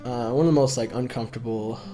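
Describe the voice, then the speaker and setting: A man's voice: mid-range voice, fairly even intonation, fast, warm tone, faint music behind. A young man co-hosting a podcast, telling a story in casual chat, laughing often and acting out the lines he quotes. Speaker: podcast co-host.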